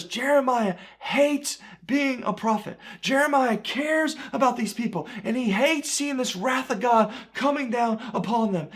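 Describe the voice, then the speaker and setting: A man preaching as a pastor, reading scripture with deep feeling, swinging between loud outbursts and hushed, sorrowful passages, and often asking "right?". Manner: impassioned, frequently asks "right?".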